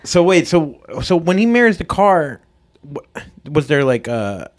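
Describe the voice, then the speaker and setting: A man co-hosting a podcast, chatting casually and joking, firing off quick questions and laughing often. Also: a little high, sing-song. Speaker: podcast co-host. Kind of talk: casual chat.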